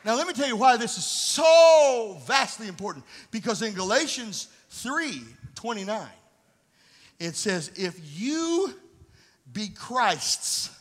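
A man preaching a fervent sermon as pastor, building up to shouts. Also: extremely high pitch, sing-song, slow pace, in a large hall. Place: church sanctuary.

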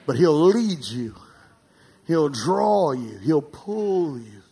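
High-voiced, fervent preaching man. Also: sing-song, takes it slowly, breathy edge. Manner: rising to emphatic, near-shouting peaks and dropping to quiet asides; calls for amens from the congregation. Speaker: pastor. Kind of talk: sermon.

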